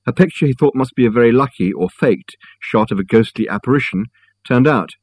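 A man narrating a story with steady, measured storytelling. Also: mid-range voice, slightly rough, no room sound. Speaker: audiobook narrator. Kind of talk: scripted narration.

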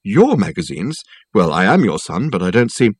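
A man's voice: very animated, moderate pace, breathy edge, no echo. A man voicing a spoiled, flustered grown son who sputters with indignation. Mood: flustered indignant. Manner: sputtering, indignant, raised pitch.

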